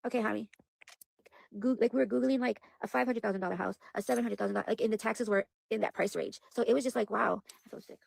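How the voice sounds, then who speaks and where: Fast-talking upset young woman. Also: on the high side, fairly even intonation, vocal fry, dry recording. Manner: rambling, repeats herself, heavy use of "like" and "you guys". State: upset and worried. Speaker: vlogger. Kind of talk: emotional casual vlog to viewers.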